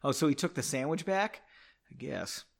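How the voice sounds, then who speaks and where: A man's voice: medium pitch, sing-song, normal speed, gravelly. A man hosting a comedic book reading podcast, breaking off to drink and mock the text with sarcastic asides. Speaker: podcast host.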